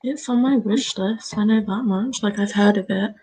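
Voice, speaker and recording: A young woman joining a casual livestream as a guest, relaxed and enthusiastic. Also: medium pitch, normal speed, breathy edge, low-quality recording.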